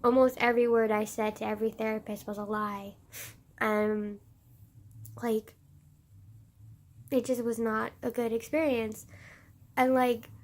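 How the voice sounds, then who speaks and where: A woman's voice: fairly high pitch, flat delivery, measured pace, long pauses, darkish tone. A woman vlogger talking in an emotional confessional, teary and laughing through tears, rambling with constant fillers.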